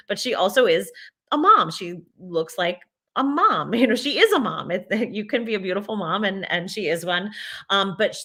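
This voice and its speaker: A woman's voice: on the low side, sharp tone. A woman giving a casual talk to an audience, rambling with restarts, then turning firm and emphatic. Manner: rambling, many restarts and fillers. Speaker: speaker addressing an audience.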